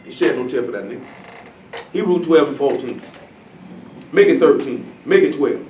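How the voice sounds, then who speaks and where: A man preaching a Bible-study sermon in a casual, blunt way, full of slang and rhetorical questions, and slowing down to stress the scripture he reads. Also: medium pitch, lively intonation, darkish tone, a little hiss or hum. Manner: slow, stressed reading of scripture. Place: congregation meeting room. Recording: echoey room from a distant mic.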